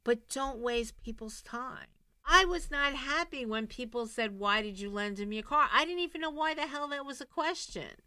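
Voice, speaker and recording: A blunt, animated woman tells a candid personal story as a recovery program host, swinging between loud exclaims and quiet asides. Her voice is bright and forceful. The sound is dry and close. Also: mid-range voice, dry recording.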